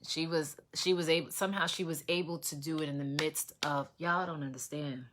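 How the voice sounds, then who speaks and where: A woman's voice: sits low, steady tone, brisk, noisy background. A woman hosting an online prayer stream, sharing a testimony in casual, emotional talk, repeating herself and speaking straight to her viewers. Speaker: host of an online prayer livestream. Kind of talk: casual testimony to a live audience.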